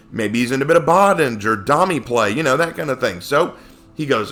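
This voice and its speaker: A man's voice: medium pitch, sing-song, moderate pace, fairly bright tone. A man giving a casual Bible lesson, talking conversationally and asking many rhetorical questions. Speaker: Bible teacher.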